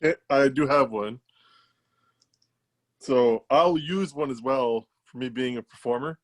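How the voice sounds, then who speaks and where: A man playing in a tabletop game, speaking in a measured way about his rolls. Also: mid-range voice. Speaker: player.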